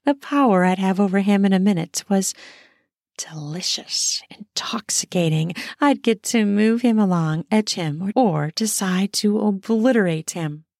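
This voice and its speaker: A woman narrating a first-person erotic audio story in an intimate, soft, drawn-out manner. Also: medium pitch, no echo, clean studio sound.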